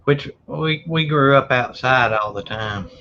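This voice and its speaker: A man's voice: mid-range voice, unhurried, bright, forceful tone. A man hosting a casual chat, folksy and joking. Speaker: host. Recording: dull lo-fi sound.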